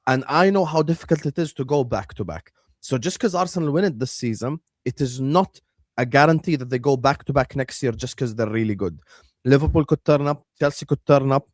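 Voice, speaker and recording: A young man hosting a stream, arguing about football in a heated, animated way, swearing and dropping Arabic phrases. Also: medium pitch, no echo, clean studio sound. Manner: argumentative, animated, swears, says "wallah" and "inshallah". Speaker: host.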